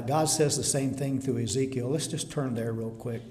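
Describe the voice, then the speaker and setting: A male pastor preaching a sermon to a seated congregation, reading scripture slowly and emphatically, often rising to louder declarations. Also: medium pitch, fairly even intonation, vocal fry. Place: church hall before a seated congregation. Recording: echoey hall with long reverb.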